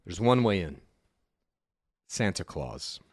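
A man co-hosting a podcast in casual chat, easygoing, laying out ideas like a story pitch. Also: big pitch swings, takes it slowly, no echo, clean studio sound. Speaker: podcast co-host.

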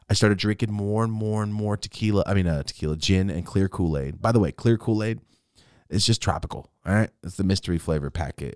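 A man telling a wild personal story in a casual, profane, animated way, acting out what people said. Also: low-pitched, no room sound, studio quality. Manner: animated, profane, acts out the quotes.

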